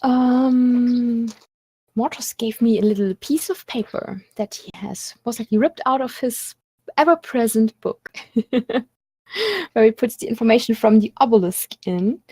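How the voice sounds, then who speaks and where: A woman playing a tabletop game, speaking in a measured way. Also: on the high side, dark tone, breathy edge, no room sound. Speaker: player.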